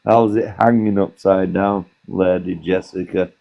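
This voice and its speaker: A man's voice: sits low, steady tone, unhurried, gravelly, muffled recording. A man hosting a livestream, laughing often and swearing through casual banter. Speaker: livestream host. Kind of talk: casual chat.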